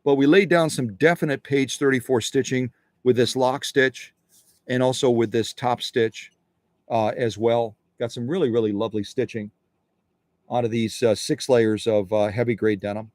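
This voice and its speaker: A man's voice: medium pitch, steady tone, moderate pace, dry recording, clean studio sound. A man hosting a sewing machine live stream in a workshop, chatty and folksy, often repeating his phrases. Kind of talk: casual demonstration talk.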